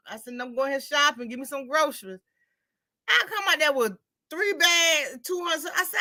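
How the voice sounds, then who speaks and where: At a moderate pace, a female host with a bright, high voice keeps a casual chat going with everyday stories. She's easygoing and chatty, quoting people's words as she recounts what happened.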